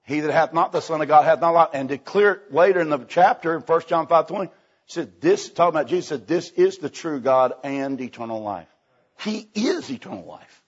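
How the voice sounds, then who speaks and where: A man preaching a sermon in a folksy, punchy way, with sudden loud bursts. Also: a little high, a little fast, breathy edge. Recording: dull lo-fi sound.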